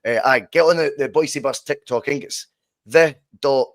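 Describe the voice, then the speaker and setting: A man's voice: medium pitch, moderate pace, dry recording, clean studio sound. A man hosting a casual podcast over a video call, chatty and matey as he plugs the channel. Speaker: podcast host.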